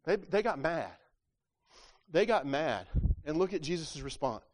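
A man's voice: a little high, big pitch swings, a little slow. A man preaching a sermon, asking his listeners rhetorical questions, repeating words as he goes, and acting out the voices in the scripture stories. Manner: asks the congregation rhetorical questions; acts out quoted voices from scripture.

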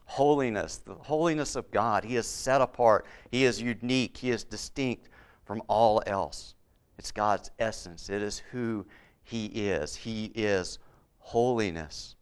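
A man's voice: fairly low pitch, unhurried, clear, resonant tone. A man preaching a Bible-teaching sermon, repeating key words for emphasis and putting questions to his listeners.

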